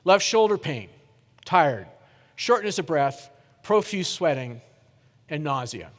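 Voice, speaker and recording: Animated middle-aged man telling a keynote story. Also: on the high side, slow pace. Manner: animated storytelling, questions the audience. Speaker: keynote speaker. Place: conference hall. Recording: reverberant conference hall.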